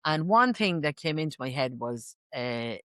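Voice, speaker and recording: A woman's voice: sits low, animated, moderate pace, fairly bright tone, no echo. A woman with an Irish accent co-hosting a podcast, talking freely and joking often. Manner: chatty, laughs a lot, jokey. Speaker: podcast co-host. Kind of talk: casual chat.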